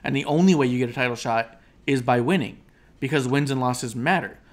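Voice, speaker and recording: Speaking a little fast in a mid-range voice, a man co-hosts an informal wrestling podcast on an online call. His takes are emphatic and opinionated, and he rambles, leaning on fillers.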